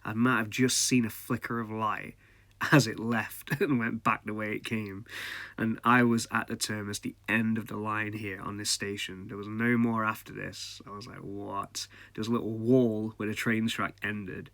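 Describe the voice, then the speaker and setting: A man's voice: on the low side, level tone, moderate pace, fairly bright tone, no echo. A man, casually telling a personal ghost story as a podcast host, chatty and often laughing.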